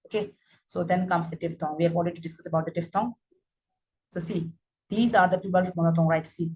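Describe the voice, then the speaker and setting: Woman, teacher, phonetics lesson, lower voice, faint background hum. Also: a little mellow, low-quality recording. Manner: code-switches between English and Hindi, repeats example words, asks "right?" often. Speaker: English teacher.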